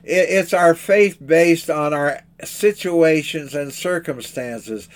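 A man with a fairly high-pitched voice preaches a sermon in an earnest, measured way, posing rhetorical questions.

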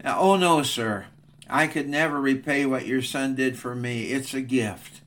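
A man's voice: mid-range voice, a little slow, a bit bright, lightly acted. A man voicing a humble, grateful young soldier, speaking earnestly in a retold story.

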